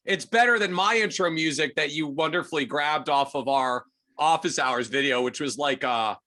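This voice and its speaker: Male podcast guest, bright and slightly high, casual and self-deprecating. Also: moderate pace. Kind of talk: casual chat.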